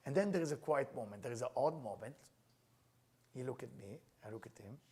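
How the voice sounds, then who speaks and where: Middle-aged male Kabbalah teacher, breathy-husky tone, earnest storyteller with simple non-native phrasing. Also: medium pitch, expressive, fairly quick, darkish tone.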